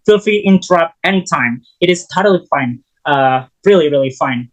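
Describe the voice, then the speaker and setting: Man, student teacher, recorded lesson, halting delivery, frequent restarts. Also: a little high, expressive, muffled recording. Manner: halting, restarts phrases often. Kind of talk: recorded English lesson presentation.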